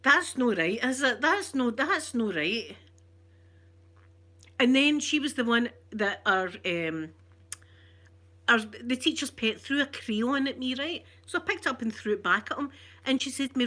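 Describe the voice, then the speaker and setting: Casting: Scottish woman, soft chatty ASMR storyteller, bright voice, slightly high. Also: moderate pace. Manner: chatty, animated, often laughing.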